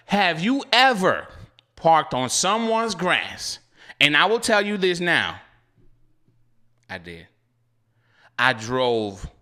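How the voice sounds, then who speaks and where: A man's voice: fairly high pitch, bright, forceful tone. A man hosting a delivery-driver channel, talking casually with viewers, laughing often in slangy banter.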